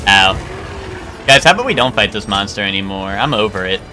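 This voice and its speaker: A man's voice: fairly low pitch, animated, brisk, bright, forceful tone. A young man streaming a game live, rambling and joking with crude banter to his chat. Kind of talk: casual live gameplay chat.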